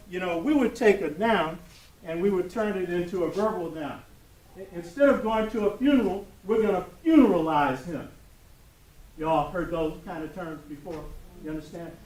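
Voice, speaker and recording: High-voiced older man lecturing in echoey room. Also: animated, moderate pace, darkish tone. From United States. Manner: preacherly, asks the room for affirmation. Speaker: lecturer speaking to college students. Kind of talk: classroom lecture with call and response. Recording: echoey room heard from a distance.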